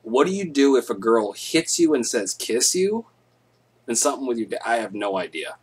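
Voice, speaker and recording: An animated young man hosts a live stream, casually recounting stories at a fairly quick clip in a husky, mid-range voice. He's laid-back overall but swears heavily and gets loud when acting things out.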